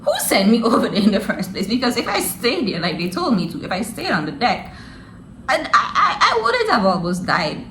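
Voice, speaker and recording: A woman's voice: medium pitch, huge pitch swings, brisk. A young woman vlogger telling a story casually, laughing often and using slang. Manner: laughing often, slangy, addresses viewers as y'all. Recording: roomy echo, faint noise.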